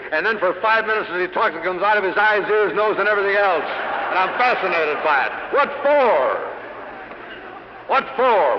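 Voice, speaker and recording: A man's voice: high-pitched, in a large hall, dull audio, slight background noise. A man giving a speech on selling to a live audience, telling stories in a punchy way with rhetorical questions, in an old vinyl recording. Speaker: sales speaker. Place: large hall.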